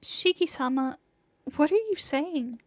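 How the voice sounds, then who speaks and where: Formal young maid for a visual novel read-through, high and measured, read by a woman. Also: no room sound. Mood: formal concern. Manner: polite, formal, even. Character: composed young female maid, politely formal.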